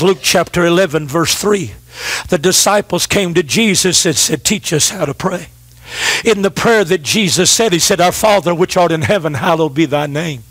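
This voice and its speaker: Preaching as pastor, a middle-aged man addresses the congregation directly, alternating loud refrains with quick, quiet asides. The recording is dry, with no echo.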